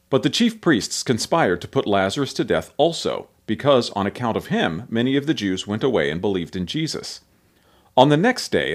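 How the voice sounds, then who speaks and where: A man reading scripture aloud in a measured, expressive way. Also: on the low side.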